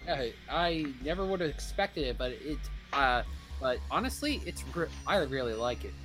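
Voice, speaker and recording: A man's voice: mid-range voice, sing-song, moderate pace, a bit bright, faint music behind. A man chatting casually as a podcast co-host about a comic, agreeable and enthusiastic.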